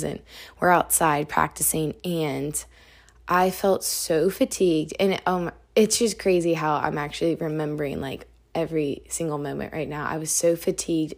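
Low-voiced woman telling a personal story. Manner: candid, reflective, with soft laughs. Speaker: podcast host.

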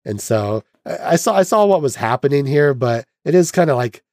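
A man's voice: a little high, animated, brisk, a little mellow, dry recording, clean studio sound. A young man hosting a podcast, casually retelling a film's plot with chuckles and mock voices. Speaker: podcast host. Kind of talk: casual film recap chat.

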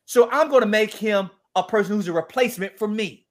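A man speaking as a guest, telling a story in a lively, preacher-like way and acting out the quoted dialogue. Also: sits high, a little fast. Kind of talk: animated storytelling talk.

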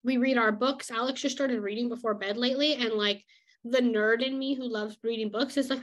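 Speaking fairly quickly in a fairly high voice, this young illustrator vlogger walks through her daily routine in a relaxed chat full of "like" and laughs.

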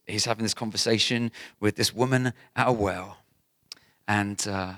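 A man preaching a sermon as pastor, earnest, repeating key phrases and swinging from hushed, slow passages to loud, rising ones. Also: medium pitch.

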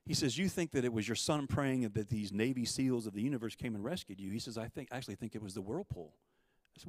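A middle-aged man recounts a dramatic personal story as a faith testimony. His voice is mid-pitched and he acts out the quotes with energy. The sound is close and dry. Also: expressive, fast, dry recording. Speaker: guest storyteller.

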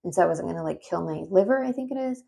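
A woman's voice: on the low side, quick pace, vocal fry. A woman in her thirties telling a personal story in a chatty, rambling way with lots of fillers. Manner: chatty and animated, many fillers, rambling asides.

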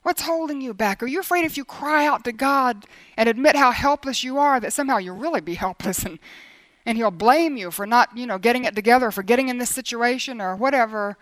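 Woman preacher, middle-aged, high voice, dry close sound, earnest delivery. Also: brisk, fairly bright tone, no echo. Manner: earnest, with quoted prayers acted out. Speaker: Bible teacher. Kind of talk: sermon.

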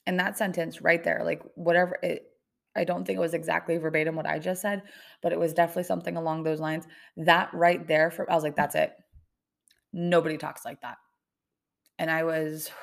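A woman's voice: lowish voice, vocal fry. A young woman hosting her own podcast, talking casually and rambling with lots of "like" fillers. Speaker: podcast host. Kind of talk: casual solo podcast chat.

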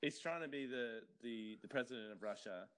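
A man's voice: mid-range voice, brisk, a bit bright, smooth. A man co-hosting a podcast, joking around in casual chat and often cutting in with questions and laughs. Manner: interrupting, playful, laughs often. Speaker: podcast co-host.

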